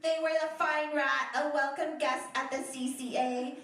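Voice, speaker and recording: A woman performance artist delivering a live monologue of slow, halting, eulogy-like phrases with long pauses, recorded on a theatre stage from a distant mic. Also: sits high, steady tone, fairly bright tone. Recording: echoey hall from afar, faint ambience.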